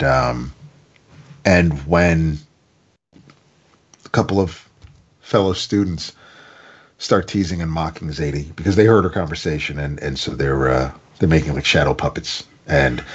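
A man's voice: a bass voice, animated, unhurried, long pauses, breathy edge, lo-fi sound. A man casually reviewing a comic, recapping the plot in a rambling way with stammered restarts.

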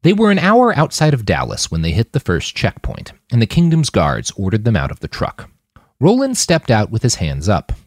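A man narrating his own fiction with expressive, scripted storytelling. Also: fairly low pitch, normal speed, no room sound, clean studio sound. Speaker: author and narrator.

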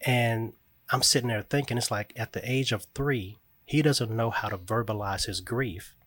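A man's voice: mid-range voice, moderate pace, fairly bright tone, no room sound. A man talking earnestly about raising his young son, telling stories in a reflective way. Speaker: grieving father, guest. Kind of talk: casual conversation.

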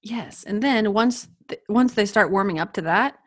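Woman cohost on a teaching podcast, chatty and upbeat, mid-pitched voice, acts out little lines for kids. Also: normal speed, a bit bright. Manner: enthusiastic, acts out kind phrases to children. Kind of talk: conversational podcast advice.

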